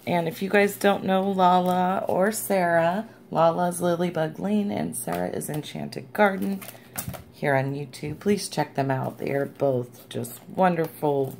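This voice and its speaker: Woman vlogger, low and gravelly, tired but gushing, casual chat. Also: a little mellow, a little hiss or hum. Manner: gushing and chatty, squeals and laughs often. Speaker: crafting vlogger. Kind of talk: casual unboxing vlog.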